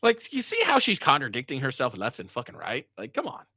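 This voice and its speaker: A man's voice: medium pitch, wildly swooping pitch, a little fast, gravelly, sharp tone, husky, no room sound, studio quality. A man giving crude, mocking reaction commentary, swearing and laughing as he talks. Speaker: commentary streamer.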